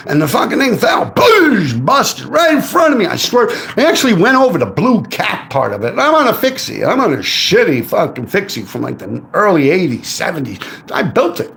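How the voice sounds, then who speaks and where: A man telling city stories on a live stream in an animated, profane, slangy way, often tagging "man" onto his lines. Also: on the high side, creaky. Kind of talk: casual live-stream storytelling.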